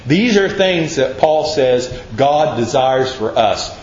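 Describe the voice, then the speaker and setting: Male pastor, mid-pitched, earnest sermon delivery, echoey dull recording. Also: animated, slow, a little hiss or hum. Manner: earnest, emphatic preaching with repetition.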